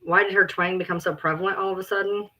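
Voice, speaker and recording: A woman livestreaming and chatting casually, blunt, exasperated and quick to swear. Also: medium pitch, little pitch movement, bright, forceful tone.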